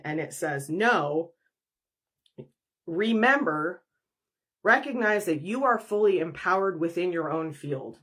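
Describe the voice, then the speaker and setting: A woman's voice: fairly low pitch, animated, measured pace, long pauses. A woman, a professional energy worker, talking through a spiritual podcast monologue in a conversational way, acting out inner dialogues.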